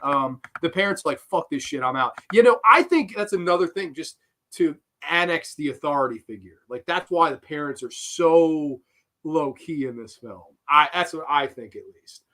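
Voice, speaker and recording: A man's voice: fairly high pitch, expressive, moderate pace, sharp tone. A young man giving rambling, profane live commentary on a horror film and breaking into giggling fits.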